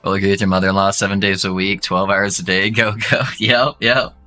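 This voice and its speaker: A young adult man streaming a game, chatting casually with viewers and breaking into excited whoops and laughs. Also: deep voice, a little fast, soft background music. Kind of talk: casual gaming stream chat.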